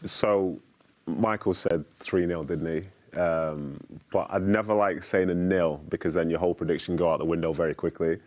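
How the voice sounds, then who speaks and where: A man's voice: low-pitched, fairly even intonation, normal speed, a little mellow. A man giving football punditry in casual chat, thoughtful and a bit teasing.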